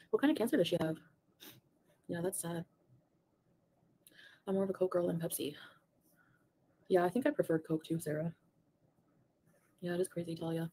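Low husky lady streamer, mellow tone, just rambles and says hi to chat names. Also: normal speed, long pauses. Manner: rambling, greets chat by name. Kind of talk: chatty livestream talk to viewers.

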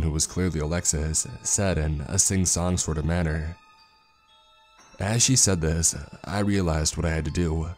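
Deep-voiced man narrating horror. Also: fairly even intonation, moderate pace, a little mellow. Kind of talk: scripted narration. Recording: narration with faint music.

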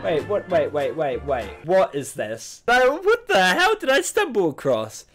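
A man hosting a casual reaction video, talking in a playful, exaggerated, excitable way. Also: sits high, a little slow, faint music behind.

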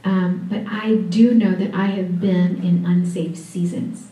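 A woman's voice: fairly low pitch, steady tone, a little slow, dark tone. A woman speaking at a faith conference, chatty and direct, laughing often and making playful asides to the audience. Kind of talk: conference talk. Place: conference room before an audience. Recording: echoey room, distant mic.

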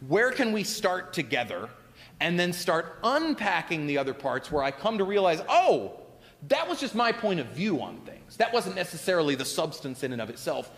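Animated high-pitched man in a hall. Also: normal speed. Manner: animated, expansive, with spirited emphasis. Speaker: guest philosopher answering audience questions. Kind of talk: public Q&A talk. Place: lecture hall at a college event. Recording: hall reverb.

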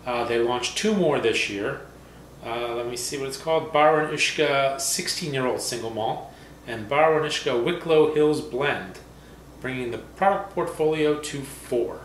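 A man co-hosting a casual whiskey review, joking around and slowly reading out product notes. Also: mid-range voice. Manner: jokey, halting, reads aloud slowly. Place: home room. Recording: roomy echo, faint background noise.

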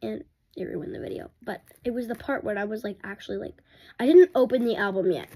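A woman vlogger talking in a rambling, excitable and apologetic way during a casual unboxing. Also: medium pitch, brisk, breathy edge.

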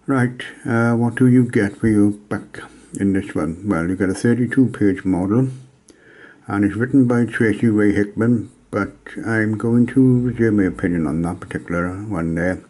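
A man from Wales talks through a review of a tabletop adventure module. His voice sits low, and he stops often to fill gaps with ums and uhs. The delivery is a relaxed, unscripted spoken review. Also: normal speed. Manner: hesitant, many ums and uhs.

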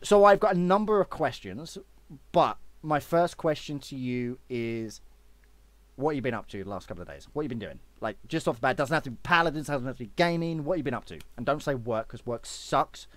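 A man's voice: mid-range voice, lively intonation, brisk, dry recording. A man hosting a casual online interview, teasing his guests with sarcastic banter. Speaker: interview host.

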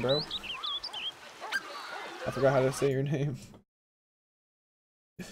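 A man's voice: medium pitch, noisy background. A young man giving casual, slangy game commentary on a stream, swearing, laughing and chatting with viewers. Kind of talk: casual let's-play commentary. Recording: loud game music underneath. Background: game music.

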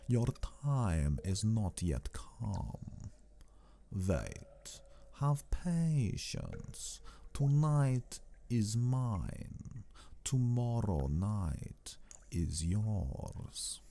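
A man voicing an old aristocratic vampire count, slow, measured and menacing. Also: fairly low pitch, big pitch swings, vocal fry, mellow, slight background noise, full character voice. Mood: hushed threat.

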